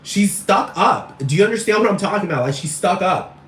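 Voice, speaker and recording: A man's voice: high voice, lively intonation, a little fast, a bit bright. A man ranting in a rambling, repetitive and profane casual monologue. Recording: echoey room, far from mic, faint noise.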